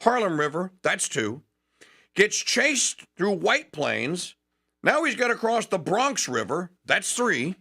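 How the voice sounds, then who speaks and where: A man's voice: sits high, very animated, slow, gravelly, pushed and bright. A man hosting a talk show, telling a history story with enthusiasm, digressions and frequent restarts.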